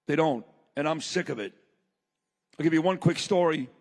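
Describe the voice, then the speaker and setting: At a summit, a man tells a story from the stage in a blunt, impassioned speech to a live audience. His voice is fairly high at normal speed, and the large hall adds a long reverb.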